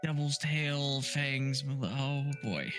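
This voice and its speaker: A man's voice: mid-range voice, drawn-out words, fairly bright tone, faint music behind. A man chatting casually as a player in a tabletop game, thinking aloud and swearing now and then.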